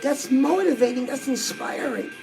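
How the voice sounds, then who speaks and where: A woman's voice: high-pitched, expressive, moderate pace, vocal fry, darkish tone, poor audio. A woman dating coach talking straight to her audience in a chatty, sassy way. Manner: chatty, sassy, calls listeners "girls". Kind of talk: direct-address advice talk. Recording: music playing behind the voice.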